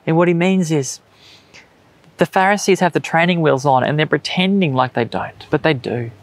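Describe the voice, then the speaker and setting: A man's voice: on the high side, normal speed. A man in his thirties with an Australian accent, preaching a sermon in a conversational, earnest way with everyday stories. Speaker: pastor. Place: church stage.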